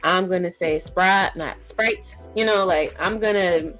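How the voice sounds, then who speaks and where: A woman with a Southern American accent and a somewhat low voice chats on a podcast. She tells stories in slangy, animated talk. Faint music sits behind her. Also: moderate pace. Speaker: podcast co-host. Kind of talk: casual chat.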